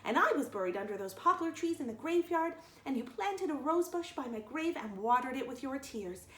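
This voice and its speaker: A woman's voice: sits high, very animated, a little fast, a bit bright. Woman doing a dramatic, chattering young girl. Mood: dreamy. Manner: breathless, theatrical storytelling. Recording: roomy echo.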